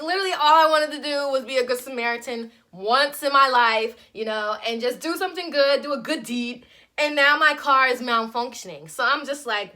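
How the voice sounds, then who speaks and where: A young woman vlogger telling a storytime in a casual chat, acting out her own quoted lines with lively swings. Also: fairly high pitch. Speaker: beauty vlogger.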